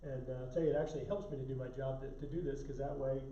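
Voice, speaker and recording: A man's voice: mid-range voice, steady tone, racing, dark tone. Blunt man in a roomy live stream. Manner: blunt, emphatic, self-correcting. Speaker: elected official answering viewer questions. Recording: roomy, slightly dull audio.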